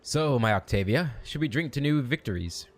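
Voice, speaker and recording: A man's voice: medium pitch, lively intonation, moderate pace. A man reading aloud as a fierce, jealous male half-orc general, barely changing his voice for the role. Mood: pleading.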